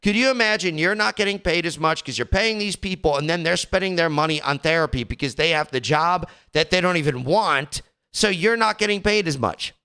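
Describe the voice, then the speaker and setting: A man's voice: on the high side, fairly quick, few pauses, pushed and bright, clean tone. A young man hosting a podcast in casual talk, rambling and exasperated, slipping into mocking voices. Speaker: podcast host.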